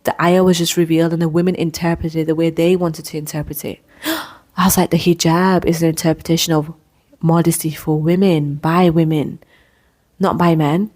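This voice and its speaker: A young adult woman hosting a podcast, telling a personal story in an earnest, emotional way with quick restarts and repeated words. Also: low-pitched, little pitch movement, darkish tone. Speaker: podcast host.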